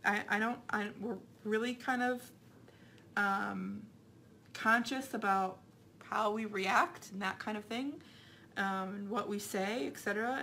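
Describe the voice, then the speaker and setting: A woman's voice: medium pitch, a bit bright, a little hiss or hum. A young mother, chatting casually while she crafts, rambling and repeating herself. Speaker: craft vlogger.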